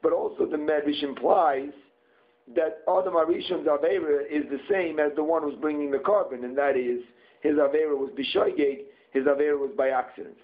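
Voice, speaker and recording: Male Torah teacher, somewhat high voice, reads and translates phrase by phrase, phone-line sound. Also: steady tone, fairly quick. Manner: reads Hebrew text then translates phrase by phrase. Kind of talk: text study lesson.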